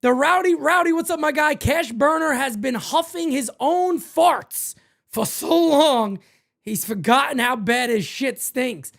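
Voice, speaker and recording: A man hosting a fan live stream, ranting about sports in a loud, excitable way. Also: very high-pitched, measured pace, creaky.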